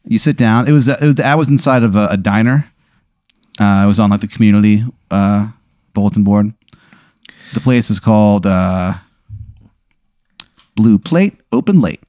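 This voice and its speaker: A man telling an improvised hypothetical story in casual chat, halting and full of fillers, slipping into voices for the characters. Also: fairly low pitch, mellow, no room sound, studio quality.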